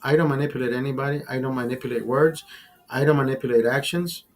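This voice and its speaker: A man's voice: medium pitch, steady tone, fast talker. A man hosting a casual livestream, ranting in a heated, preachy way and swearing often. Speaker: livestream host. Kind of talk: casual talk to a live chat.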